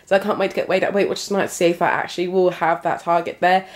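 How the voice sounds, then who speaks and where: Racing along in a lowish voice with little pitch movement, a UK woman in her twenties chats to her viewers from home. Her casual vlog talk is rambling and direct.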